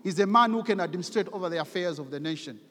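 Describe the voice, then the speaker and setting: A man preaches a sermon, pushing scripture readings with mounting emphasis. His voice sits high for a man. The sound rings with a long hall reverb. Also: racing, a bit bright. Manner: emphatic, reads scripture aloud with rising force.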